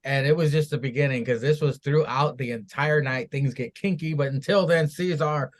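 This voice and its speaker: A man's voice: mid-range voice, fairly even intonation, moderate pace. A man co-hosting a wrestling podcast, recapping the events and cursing as he jokes about them. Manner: recaps events, then swears and laughs at them. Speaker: podcast co-host. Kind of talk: reading and joking through a wrestling recap.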